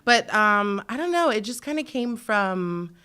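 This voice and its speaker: Lively young woman guest chatting. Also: medium pitch, measured pace, clear, resonant tone. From Philippines, raised in Virginia. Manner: animated, laughs often, tries out accents. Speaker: guest, voice actor and YouTuber. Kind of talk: casual interview chat.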